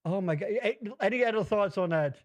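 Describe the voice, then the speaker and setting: High-voiced host, profane and incredulous. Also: male voice, fairly quick, muffled recording. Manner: profane, incredulous, animated retelling. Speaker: podcast host. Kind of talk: casual chat reacting to clips.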